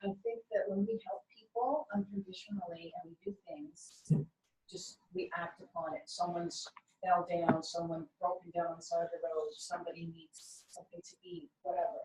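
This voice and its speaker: A woman's voice: fairly low pitch, normal speed, a little mellow, slight background noise. Woman sharing earnestly in a group, kinda far from the mic, echoey room. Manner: earnest, searching, heartfelt questions. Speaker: group participant. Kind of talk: spiritual group discussion.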